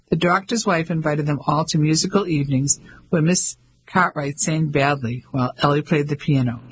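A man giving measured scripted narration of an audiobook. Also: a little high, slight background noise, low-quality recording. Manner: measured storytelling.

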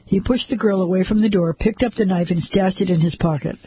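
A man narrating a crime story in a steady, measured audiobook style. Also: high-pitched, husky, no echo, poor audio.

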